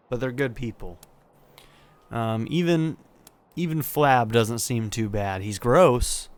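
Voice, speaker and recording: A man casually commentating his playthrough of a video game, thinking aloud in a relaxed, chatty way with fillers and quick laughs. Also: mid-range voice. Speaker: let's play gamer.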